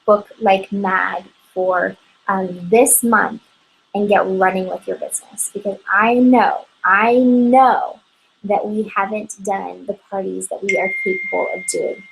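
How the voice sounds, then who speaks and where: A woman's voice: mid-range voice, steady tone, measured pace, vocal fry, a little hiss or hum, poor audio. A woman giving an upbeat, chatty motivational training talk to her sales team, often checking in with "okay?".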